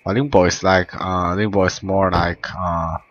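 Deep-voiced young man doing game commentary. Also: moderate pace, lo-fi sound. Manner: excitable, swears, broken English. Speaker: gameplay commentator. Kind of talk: let's play commentary. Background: game music.

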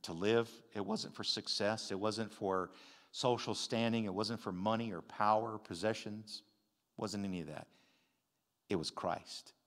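Older male pastor, unhurried, emphatic sermon delivery, in a church with a long reverberating hall sound. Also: fairly low pitch, steady tone. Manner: emphatic, swings between loud stresses and quiet asides. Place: large church sanctuary.

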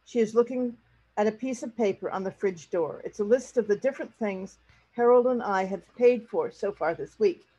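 A woman teacher reading a story aloud to her class, in a husky, breathy voice at a middle pitch. She stops now and then to explain a word to her learners in plain terms. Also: warm tone, dull audio. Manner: pauses to explain words to learners.

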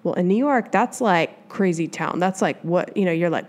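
With a fairly low voice and a moderate pace, a woman from the Midwest runs her own advice podcast. Her talk is conversational and meandering, full of tangents.

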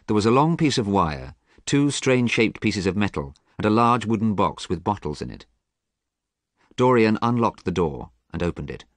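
A man reading a story aloud clearly and expressively for English learners. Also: low-pitched, no room sound, clean studio sound.

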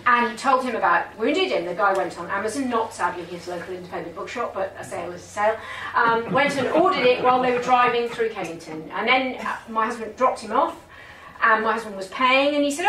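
A woman's voice: fairly high pitch, brisk, pushed and bright. A British woman historian giving a public lecture, telling stories with asides and self-corrections. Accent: British English. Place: museum gallery. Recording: echoey room, distant mic, faint noise.

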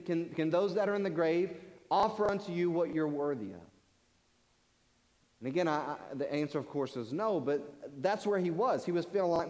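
A man's voice: fairly high pitch, darkish tone. A man preaching a sermon in earnest, often repeating words as he presses a point. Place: large church sanctuary. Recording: long church-hall reverb.

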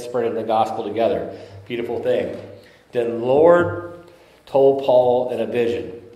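A man's voice: mid-range voice, dark tone, echoey room, poor audio. A man preaching a sermon as pastor, talking in a conversational way with fillers and emphatic repetition. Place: church sanctuary.

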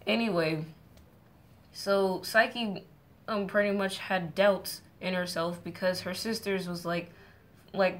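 A woman's voice: medium pitch, slow, pauses often, fairly bright tone. A young woman streamer casually retelling a myth to her viewers, joking around and acting out the characters in playful voices. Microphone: streaming setup mic.

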